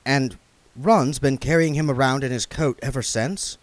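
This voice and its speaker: A man voicing an earnest, polite young reporter who talks briskly. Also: medium pitch, no room sound, voice pushed up, close to an everyday voice.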